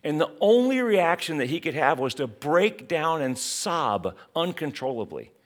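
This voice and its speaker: Slow, animated preaching man. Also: fairly high pitch. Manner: dramatic, emphatic preaching with rhetorical questions. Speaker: pastor. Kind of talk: sermon.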